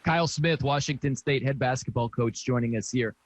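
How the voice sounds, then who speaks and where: A man's voice: mid-range voice, brisk. A man hosting a radio show, asking a guest direct questions.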